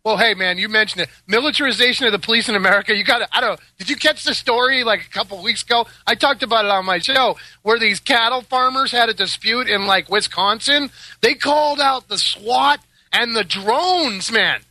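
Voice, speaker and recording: A man's voice: very high-pitched, a little fast, sharp tone, dry recording. A man hosting a casual talk show, telling stories with sarcastic asides and frequent laughs. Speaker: podcast host. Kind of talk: casual chat.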